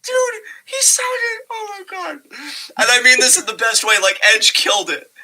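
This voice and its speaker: Bright-voiced excitable guy cohosting a wrestling show, swears a lot, laughs easy. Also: extremely high pitch, normal speed, low-quality recording. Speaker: podcast co-host. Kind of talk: casual wrestling review chat.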